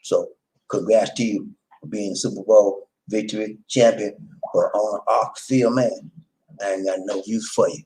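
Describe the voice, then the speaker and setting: A male channel host chatting casually with subscribers, playful and animated, leading call-and-response chants. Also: fairly low pitch, a little slow, low-quality recording. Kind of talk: casual livestream chat with subscribers.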